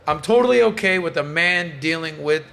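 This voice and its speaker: A man's voice: fairly high pitch, animated, normal speed, creaky, a bit bright. A man hosting a casual podcast panel, blunt and joking, swearing freely. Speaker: podcast host.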